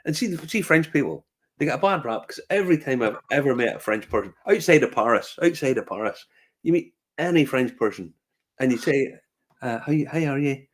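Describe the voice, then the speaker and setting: A middle-aged man with a Northern Irish accent, chatting casually and telling animated, sweary stories with frequent laughter. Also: medium pitch, a little fast. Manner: animated storyteller, swears freely, laughs often. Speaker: podcast co-host. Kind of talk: casual chat, anecdote.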